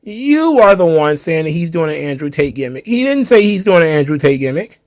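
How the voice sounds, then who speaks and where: A man's voice: fairly high pitch, big pitch swings, brisk, darkish tone, no echo. A man hosting a wrestling commentary show, ranting in a heated, sarcastic way with swearing. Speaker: wrestling commentary channel host.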